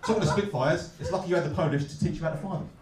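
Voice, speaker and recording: A man from London with a Cockney accent, performing a stand-up comedy set with a deadpan, mock-glum delivery and punchlines he pushes up loud. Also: fairly high pitch, very fast, far from the mic, over a noisy crowd. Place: comedy club stage. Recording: echoey club, heard from afar. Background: audience laughter.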